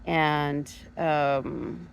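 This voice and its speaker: Soft-spoken woman with gravelly fry. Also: deep voice, steady tone, very slow, slight background noise, low-quality recording. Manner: thoughtful, hesitant, many fillers and restarts. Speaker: spiritual podcast host. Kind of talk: reflective personal monologue.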